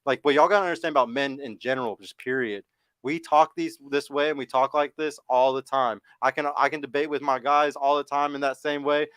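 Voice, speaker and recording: A man in his thirties hosts a casual panel chat, stern and argumentative in tone. He talks at a quick clip. His voice sits mid-range and is recorded dry and close. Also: mid-range voice, steady tone, a bit bright, clear, resonant tone, no room sound. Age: 30s. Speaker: podcast host.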